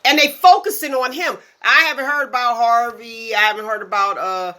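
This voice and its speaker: A woman hosting a casual talk show, telling stories in an animated way and laughing often. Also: a little high, a little fast. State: tired. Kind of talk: casual chat.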